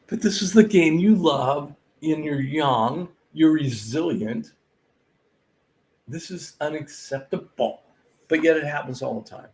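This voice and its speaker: A man's voice: on the high side, lively intonation, measured pace, gravelly. A man hosting a sports-picks recap, going over college basketball scores in an exasperated, sarcastic rant. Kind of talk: ranting sports betting recap.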